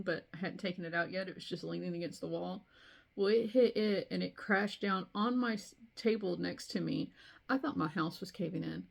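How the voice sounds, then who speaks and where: Middle-aged lady crafting vlogger, chatty and animated, bit of vocal fry. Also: mid-range voice. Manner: chatty, animated storytelling with laughs. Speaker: crafting video host. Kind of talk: casual chat to camera.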